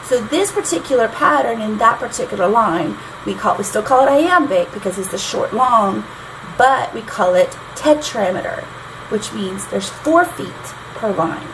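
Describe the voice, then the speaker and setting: A woman's voice: on the high side, animated, normal speed. Chatty woman teaching songwriting over noise. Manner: chatty, tapping out rhythms aloud. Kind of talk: explanatory lesson. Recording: noticeable background noise.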